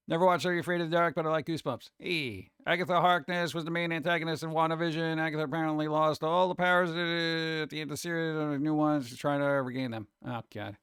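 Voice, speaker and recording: A man's voice: on the high side, steady tone, fast, fairly bright tone, clear, resonant tone, dry recording, studio quality. A man live-streaming, rambling and joking in casual chat as he reacts to viewers.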